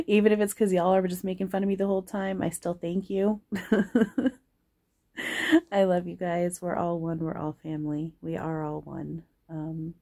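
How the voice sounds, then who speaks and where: Gravelly low-voiced woman chatting to camera. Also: warm tone. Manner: rambling, giggly and self-teasing; affectionate toward viewers. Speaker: spiritual channeler and vlogger. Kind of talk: casual chat to camera. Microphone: camera close to face.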